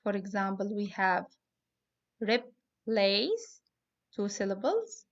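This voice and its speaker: Slow, deliberate woman teaching phonics. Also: medium pitch, sing-song, lo-fi sound. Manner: slow, deliberate, spells out letters. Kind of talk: phonics lesson for young students.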